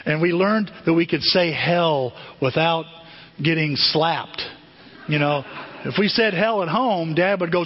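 Older male preacher, animated storyteller, raspy high voice, long reverb and muffled sound. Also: a little fast. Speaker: pastor. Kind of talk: sermon. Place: church sanctuary. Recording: dull long-reverb church hall.

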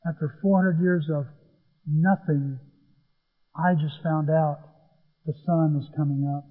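A man's voice: fairly high pitch, fairly even intonation, slow. A middle-aged man, a pastor, telling a folksy golf story inside a sermon and acting out the dialogue. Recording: muffled, echoey church hall.

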